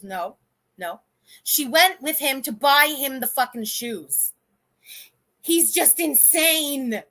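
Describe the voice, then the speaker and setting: With a high-sitting, sharp voice and lively intonation, a woman in her thirties takes her time while hosting a livestream. The chat is casual yet blunt, profane and indignant, and she rambles with frequent restarts.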